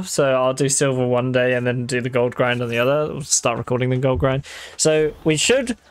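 A man who makes gaming videos comments on his own play in a casual, wry way, cursing freely and talking right to his audience. He has a mid-range, fairly bright voice with a clean tone.

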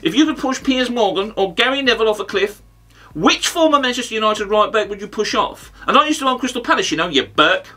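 A man's voice: high-pitched, lively intonation, quick pace, sharp tone, distant mic, exaggerated voice. A man doing a pompous, bragging pundit. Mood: mocking. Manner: pompous, insult-heavy mock bravado. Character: brash, pompous male football pundit, insult-slinging. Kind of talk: comedic impression sketch.

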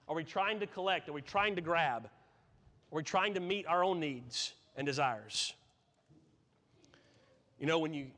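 A man's voice: high voice, fairly bright tone. A man preaching a Sunday sermon, earnest and questioning, building up to emphatic points. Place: church sanctuary. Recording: church hall reverb.

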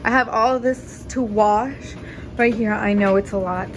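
A woman's voice: medium pitch, steady tone, a little slow, noisy background. A young woman vlogging at home as a mom, chatting casually, cursing offhand and slipping Spanish words into her talk, filmed on her phone. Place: at home, indoors and in the yard. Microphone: phone camera.

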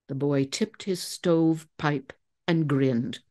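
Female guest reader for a dramatic story reading, unhurried and measured. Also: low-pitched, mellow.

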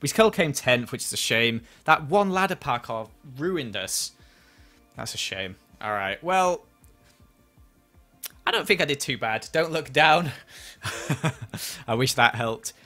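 Bright and forceful, a man's mid-range voice carries his live gameplay commentary. He chats through the stream, faulting his own play and flaring up over near misses.

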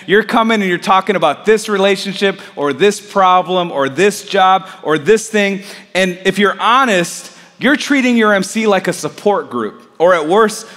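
A man's voice: high-pitched, a bit bright, long reverb tail. A man preaching a sermon in an earnest, conversational way, asking his listeners repeated questions. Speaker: pastor.

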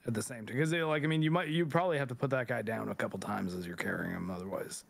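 A man's voice: medium pitch, fast, creaky, a crowd in the background. A man co-hosting a casual film discussion, thinking aloud and hedging his points.

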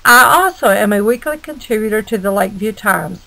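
A woman author reading her novel aloud in a gentle, measured storytelling voice. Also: medium pitch, animated, vocal fry, rough recording. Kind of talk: read-aloud novel narration.

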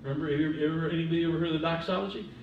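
A man, an older pastor, preaching a sermon with humor, swinging between soft asides and loud emphasis. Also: fairly high pitch, fairly even intonation, racing, lo-fi sound. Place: church sanctuary. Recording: echoey church from a distance.

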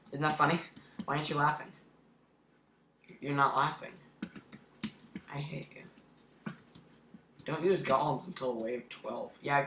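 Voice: mid-range voice, reverberant, noisy background. A gameplay commentator in casual let's-play chatter, playful and teasing, muttering asides to the other players.

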